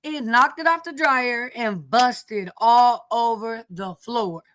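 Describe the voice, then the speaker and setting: A woman's voice: fairly high pitch, slow, fairly bright tone, dry recording. A middle-aged woman hosting a casual live stream from home, greeting viewers by name, sniffly from allergies and cursing lightly as she chats.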